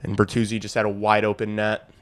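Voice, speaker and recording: A man's voice: on the low side, monotone, fast. A young man hosting a hockey watch-along stream, calling the play casually, swearing freely and talking to his chat. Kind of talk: casual live play-by-play reaction.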